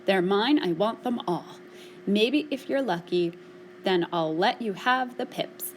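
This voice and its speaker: A woman voicing a big, greedy, grumpy male bear, booming and gruff, drawing out his words slowly. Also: lively intonation, a little hiss or hum, natural voice. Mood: stubborn.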